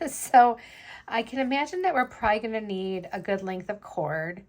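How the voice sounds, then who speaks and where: A woman's voice: mid-range voice, normal speed. A woman vlogger chatting casually as she makes jewelry, thinking aloud with lots of fillers. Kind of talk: casual crafting chat.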